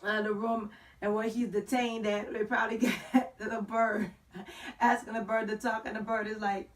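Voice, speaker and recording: A woman's voice: on the high side, flat delivery, moderate pace, distant mic. A woman hosting an online talk show, telling a story with playful slang and a sassy, joking manner. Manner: sassy, playful slang, sings and shouts for effect.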